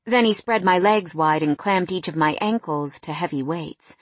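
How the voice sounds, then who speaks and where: A woman's voice: fairly low pitch, moderate pace, hardly any pauses, dry recording. Woman narrating a wry first-person story.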